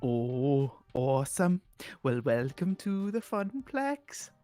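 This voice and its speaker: A man's voice: medium pitch, very animated, takes it slowly, mellow, faint music behind, voice pushed down. A man voicing a bubbly young woman who works as an arcade's flamingo mascot, in a put-on Welsh accent and a chirpy, show-off manner.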